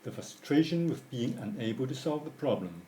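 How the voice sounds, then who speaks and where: A man reading an English grammar lesson as scripted narration, going through word forms in a measured, deliberate way. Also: mid-range voice, animated, mellow, slight background noise. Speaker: English teacher. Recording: echoey room.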